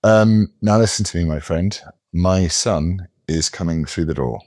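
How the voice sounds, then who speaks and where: A middle-aged man co-hosting a casual podcast chat, halting and repeating words as he starts. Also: deep voice, darkish tone, dry recording, studio quality. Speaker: co-host.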